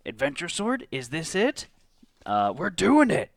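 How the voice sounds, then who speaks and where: A man hosts a streamed board game night, his voice swinging up and down with lively energy. He reads rule cards aloud and ribs his co-player in easy chat. The sound is dry and close. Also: on the high side, measured pace, vocal fry, no echo.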